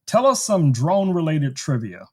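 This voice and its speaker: A man's voice: a little high, big pitch swings, normal speed, breathy edge. A man hosting a casual tech live stream, chatting, laughing often and demoing a gadget.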